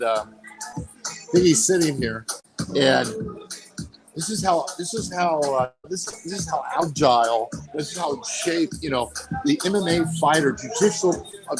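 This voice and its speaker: Guy streaming on his phone out on a street, rambly and mocky, voice a bit high, faint music behind. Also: poor audio. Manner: repetitive, mocking, swearing. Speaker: live streamer. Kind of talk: rambling live-stream chat. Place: outdoor city street.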